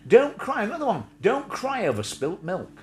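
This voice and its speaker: A man's high-sitting voice swoops wildly in pitch at a moderate pace as he hosts a livestream. The chat is rambling and playful, full of digressions and daft put-on voices.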